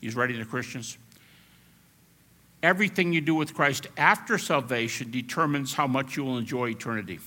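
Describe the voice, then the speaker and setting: A man preaching a sermon as pastor, animated and at times shouting as he acts out quotes. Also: mid-range voice, moderate pace.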